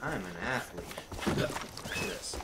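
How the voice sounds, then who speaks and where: A man gives casual, joking let's-play commentary, rambling and poking fun at himself. His voice is low but lively in pitch. Loud game noise runs underneath. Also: slow pace. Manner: joking, rambling, self-deprecating. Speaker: gaming YouTuber.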